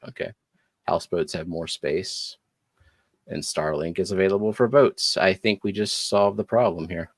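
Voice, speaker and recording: Low, dry-voiced man hosting a chat stream. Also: gravelly, dry recording. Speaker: livestream host. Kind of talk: casual chat.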